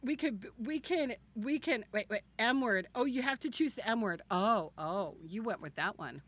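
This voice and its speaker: Bubbly woman streamer in her thirties, bright and high, very animated. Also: normal speed. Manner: bubbly, giggly, excitable. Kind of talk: casual live-stream chat.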